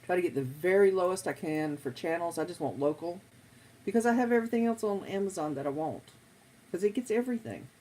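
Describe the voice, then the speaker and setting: A woman's voice: lowish voice, quick pace, dark tone, low-quality recording. A middle-aged woman, chatting casually with viewers on a stream, rambling from one topic to the next. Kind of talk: casual live chat.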